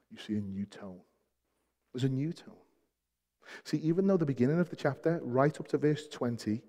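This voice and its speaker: A man preaching a sermon as pastor, shifting between soft, hushed passages and loud, emphatic peaks, repeating key phrases for weight. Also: mid-range voice, slightly rough. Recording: long hall reverb.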